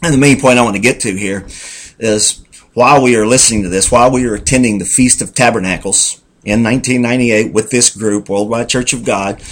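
A man's voice: medium pitch, fairly quick. A man giving an earnest, rambling personal testimony in a folksy storytelling manner. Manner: folksy, rambling, talks to himself as "Self"; earnest, reflective. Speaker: church member giving a testimony.

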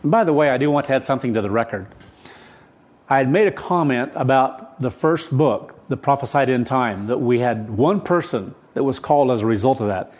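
A man in his seventies preaching a sermon, rushed and rambling with frequent restarts, keyed up and hurried. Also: medium pitch, expressive, darkish tone. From United States. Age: 70s. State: adrenaline-charged, hurried. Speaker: pastor. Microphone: camera set up for recorded service.

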